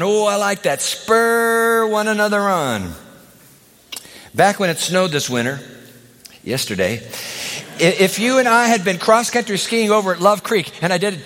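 A man preaching a sermon, dramatic, acting out voices and swinging between loud and soft. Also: high voice. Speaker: pastor. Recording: reverberant hall.

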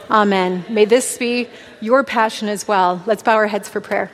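A woman's voice: mid-range voice, fairly even intonation, normal speed. A woman in her thirties giving an earnest, heartfelt testimony sermon to a church. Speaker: speaker at a church. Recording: long hall reverb.

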